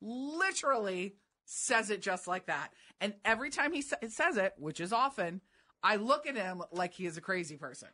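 Lively, bright-voiced woman radio co-host. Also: medium pitch, a little fast. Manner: animated, protesting, teasing denials. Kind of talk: casual on-air banter.

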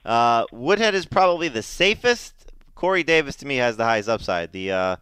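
A man's voice: medium pitch, very animated, moderate pace, a bit bright, smooth, no room sound, studio quality. A man co-hosting a fantasy football radio show, talking casually with many fillers and restarts. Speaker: fantasy football analyst co-host. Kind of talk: casual sports radio talk.

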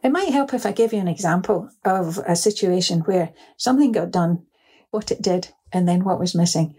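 A woman, a psychotherapist, explains ideas calmly in an interview and often laughs as she tells stories. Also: lowish voice, breathy edge. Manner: calm, measured, often laughs while telling a story. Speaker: psychotherapist guest. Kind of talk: explanatory interview talk with anecdotes.

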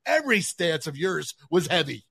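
High-voiced man in his sixties ribbing his friends. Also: very animated, vocal fry, a bit bright, breathy edge. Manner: teasing, quick to laugh. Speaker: podcast co-host. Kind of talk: casual chat.

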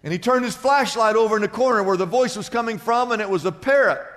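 A male pastor delivers a sermon, mixing scripture with jokes and stories and asking the crowd for amens. His voice sits high for a man. The sound carries a long hall reverb. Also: fast, fairly bright tone. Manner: humorous storytelling preacher, asks the congregation for amens.

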